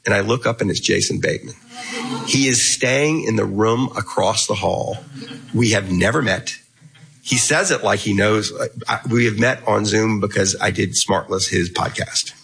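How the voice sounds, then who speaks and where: Gravelly, bright-toned man telling a story. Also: lowish voice, moderate pace, low-quality recording. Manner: animated anecdote-telling with quoted dialogue and laughs. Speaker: guest author. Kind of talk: casual storytelling in an interview.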